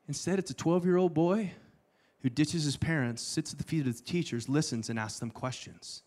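A man preaching a sermon, telling the story with playful asides and sudden hushed lines. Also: fairly high pitch, normal speed. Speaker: pastor.

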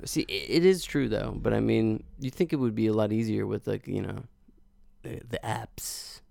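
Gravelly, teasing podcast host man. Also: lowish voice, moderate pace, warm tone, no echo, clean studio sound. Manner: jokey, teasing, tells rambling stories. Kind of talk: casual podcast chat.

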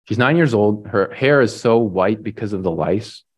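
A man's voice: fairly low pitch, moderate pace, husky. A man preaching a sermon, retelling a story in a casual way with lots of "like" and "right?". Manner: casual, filler-heavy retelling with frequent "like" and "right?".

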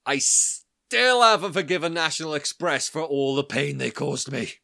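A man hosting a podcast, in lively, chatty talk that backs up his guest. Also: a little high, moderate pace, vocal fry, no room sound, clean studio sound. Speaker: podcast host. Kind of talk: casual chat.

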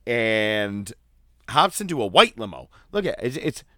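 A man co-hosting a casual podcast, recapping wrestling with animated, mock-dramatic storytelling. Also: on the low side, measured pace, dry recording, studio quality. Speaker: podcast co-host.

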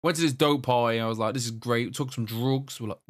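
A man's voice: medium pitch, fast talker. A man from England with an English accent, chatting casually about a story game and acting out his own lines as he tells them. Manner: animated storyteller, swears freely, acts out his own lines. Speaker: gamer discussing a story game. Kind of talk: casual chat.

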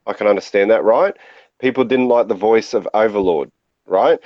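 A man's voice: lowish voice, moderate pace, dry recording, highs cut off. A man co-hosting a podcast, talking through his opinions in a rambling way with lots of fillers. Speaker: podcast co-host. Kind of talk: casual chat.

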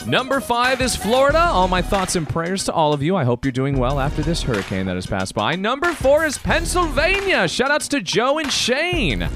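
A man hosting a podcast in a casual monologue, theatrical and hyped, breaking into sung and shouted bursts. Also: high-pitched, sing-song, normal speed, music in the background. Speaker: podcast host.

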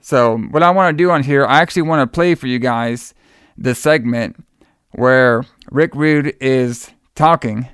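A man's voice: mid-range voice, a little slow, fairly bright tone, clear, resonant tone, no room sound, studio quality. A man hosting a podcast, chatting casually and telling a story in a rambling, enthusiastic way. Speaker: podcast host. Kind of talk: casual chat.

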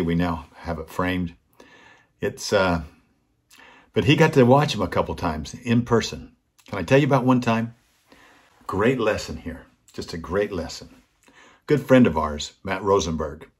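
A man's voice: low voice, husky. An older man hosting a weekly talk, telling a personal story earnestly and acting out the voices of the people in it. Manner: earnest, acts out quoted voices. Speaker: host.

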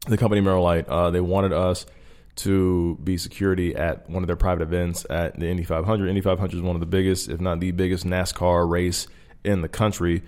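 A man with a slightly low voice tells a story in a relaxed, profane podcast chat. He sounds tired and laughs through his own stories. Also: a little fast. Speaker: podcast co-host.

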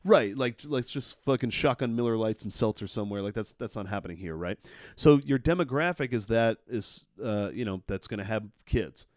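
A man's voice: on the low side, expressive, normal speed, hardly any pauses, darkish tone, no room sound, studio quality. A man co-hosting a casual podcast, ranting with heavy swearing. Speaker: podcast co-host. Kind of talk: casual chat.

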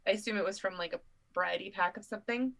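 A chatty young woman with a bright, crisp voice, co-hosting a relaxed conversation. She tells stories with animated energy and frequent laughs. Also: mid-range voice, rapid-fire, low-quality recording. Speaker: podcast co-host. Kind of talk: casual chat.

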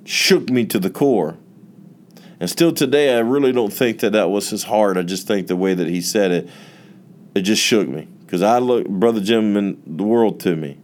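A man's voice: lowish voice, darkish tone. A man, a pastor giving an earnest, emotional testimony in a sermon. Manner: earnest, emotional storytelling with drawn-out emphasis.

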